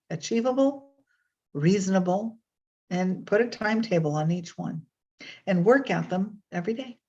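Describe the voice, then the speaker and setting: Woman, mid-pitched voice, chatty and meandering, video call, slightly muffled lo-fi sound. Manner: chatty and meandering, many fillers and restarts. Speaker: hypnotherapist hosting an online session. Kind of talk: casual spoken reflection with readings. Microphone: webcam on a video call. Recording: slightly dull lo-fi audio.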